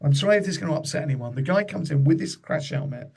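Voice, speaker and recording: Gravelly, husky man telling anecdotes. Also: fairly high pitch, animated, quick pace, darkish tone. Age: 50s. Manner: chatty storyteller, voices quoted people. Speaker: comedian guest. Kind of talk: casual podcast anecdote.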